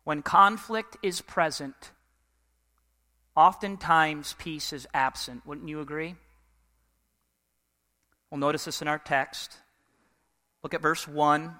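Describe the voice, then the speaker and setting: High, bright-voiced preacher in a reverberant hall. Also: male voice, clean tone. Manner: energetic, call-and-response with congregation. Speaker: pastor. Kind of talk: sermon. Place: church sanctuary.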